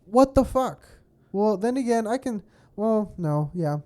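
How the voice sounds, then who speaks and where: Casual swearing young man, mellow voice. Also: sits high, lively intonation, measured pace. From California. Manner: rambling, swears a lot, laughs often. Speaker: podcast co-host. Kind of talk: casual chat.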